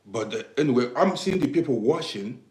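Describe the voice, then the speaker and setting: A man from Africa with an African English accent, hosting a livestream and talking to his viewers in an emphatic way, checking that they understand and breaking into loud bursts. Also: mid-range voice, lively intonation, fairly quick, echoey room. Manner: emphatic, repeats "do you understand me", swings from quiet to loud bursts. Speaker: livestream host. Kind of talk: live-streamed commentary to viewers.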